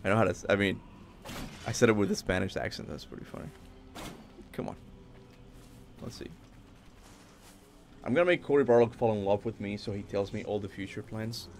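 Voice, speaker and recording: A man streaming a video game, chatting casually and excitably as he plays, with the odd swear. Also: fairly low pitch, brisk, pauses often, slight background noise. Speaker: gaming streamer. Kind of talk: casual live gameplay commentary.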